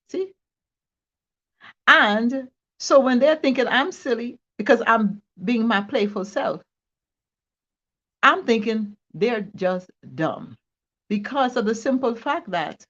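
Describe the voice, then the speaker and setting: A woman's voice: mid-range voice, a bit bright. A woman talking as a returning guest on an online talk show, in a playful, rambling way with frequent laughs. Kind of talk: casual interview conversation. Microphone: video call. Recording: dull lo-fi video call audio.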